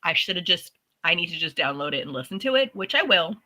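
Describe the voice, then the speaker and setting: Bright-voiced woman, lively chat. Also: on the low side, fast, low-quality recording. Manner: animated storytelling with voiced asides. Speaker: podcast co-host. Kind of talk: casual chat.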